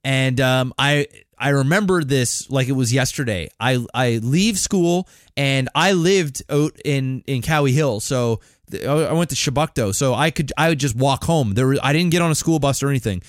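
A man's voice: medium pitch, normal speed, no room sound, studio quality. A man co-hosting a podcast, telling a long childhood story in a rambling, profane, casual way. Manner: rambling, profane, animated when excited. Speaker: podcast co-host.

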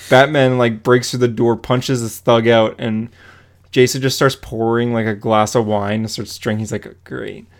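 A man's voice: mid-range voice, level tone, moderate pace, clear, resonant tone. A man talks through a comic book plot in loose, casual chat. He fills his speech with "uh" and "like" and keeps going as he recaps. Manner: rambling, many fillers, laughs while retelling. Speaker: podcast co-host.

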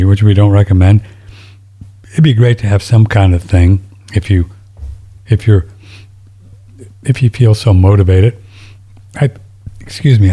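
A man's voice: sits low, mellow. A man hosting a show, reading listener emails in a rambling, folksy, casual way, easily moved to tears. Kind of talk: casual chat.

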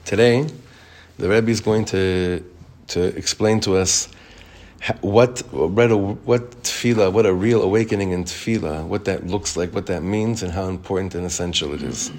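A man teaching a Torah class as rabbi, reading text quickly and explaining it in chatty English. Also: sits low. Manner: reads Hebrew text fast, then explains it in relaxed English; chatty, with frequent restarts.

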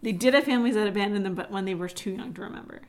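A woman's voice: mid-range voice, racing, a crowd in the background. A woman co-hosting a podcast, chatting casually between reading out a childhood story, with a giggly, rambling manner. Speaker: podcast co-host. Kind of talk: casual chat and reading aloud.

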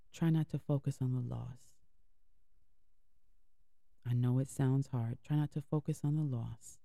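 A woman radio host speaks in an earnest, heartfelt way, repeating lines for emphasis as she encourages her listeners. Her voice has a gravelly edge and a mellow, dark tone. It is recorded close and dry. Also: rumbling low, no echo. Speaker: internet radio show host. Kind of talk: inspirational talk between music.

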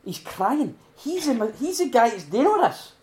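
A middle-aged man giving an earnest, heartfelt talk at a recovery retreat. He swings between loud emphasis and hushed, prayerful quiet. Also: extremely high pitch, sing-song, moderate pace. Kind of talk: informal sermon talk.

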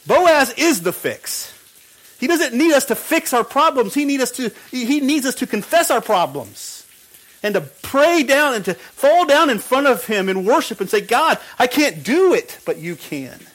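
Male pastor, high-pitched, emphatic repetitive preaching delivery. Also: sing-song, moderate pace, fairly bright tone, poor audio. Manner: emphatic repetition, frequent restarts. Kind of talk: sermon.

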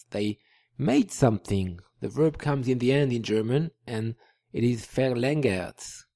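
A man hosting a podcast language lesson, explaining word by word and repeating each word slowly. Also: mid-range voice, a little mellow, no room sound, studio quality. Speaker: language teacher.

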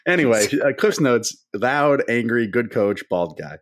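A man co-hosting a sports show over a remote call, talking in an animated, casual way. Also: mid-range voice, a little slow. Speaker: co-host.

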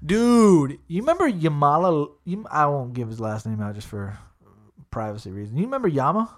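A man's voice: on the high side, huge pitch swings, a little fast, fairly bright tone. A young man chatting casually, rambling through a story and saying "dude" a lot. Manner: rambling, laid-back, says "dude" a lot. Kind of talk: casual chat.

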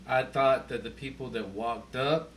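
A man's voice: mid-range voice, measured pace, a little hiss or hum. A man in a casual podcast chat, cutting in with short, puzzled interjections. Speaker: podcast co-host.

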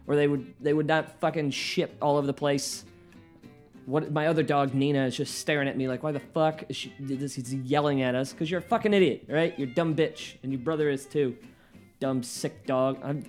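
A man hosting his own podcast from his living room, rambling and swearing, often flaring into yelling. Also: medium pitch, steady tone, a little fast, soft background music. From United States. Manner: profane, rambling, flares into yelling. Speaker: podcast host and stand-up comedian. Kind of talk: solo podcast rant.

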